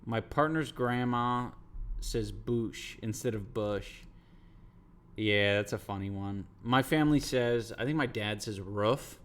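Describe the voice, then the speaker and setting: A male streamer with a fairly low voice and a bit of brightness talks at a slow pace. His casual chat with viewers is rambling and profane, and he keeps reacting to chat.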